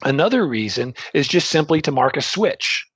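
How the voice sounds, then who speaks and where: A man's voice: fairly high pitch, sing-song, moderate pace, a bit bright, slightly rough, no echo. A man teaching Greek grammar in a loose, conversational way, explaining ideas through everyday analogies.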